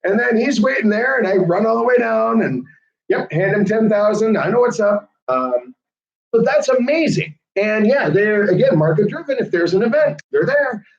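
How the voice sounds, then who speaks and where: Chatty guy hosting, high voice, echoey dull recording. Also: moderate pace. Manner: chatty, animated, laughs often. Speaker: host. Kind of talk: casual chat. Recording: roomy, dull lo-fi sound.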